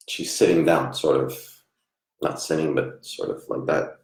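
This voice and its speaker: A man giving a live online psychic reading, soft-spoken and halting, often trailing off quietly. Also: extremely low pitch, vocal fry. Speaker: psychic medium. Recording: echoey room.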